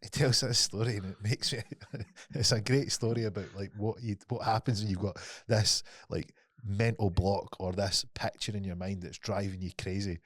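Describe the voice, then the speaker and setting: A man hosting a podcast, telling a story in a casual, animated way, swearing freely and acting out what people said. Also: on the low side, normal speed, hardly any pauses, no room sound. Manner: animated storyteller, swears often, acts out quotes. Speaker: podcast host.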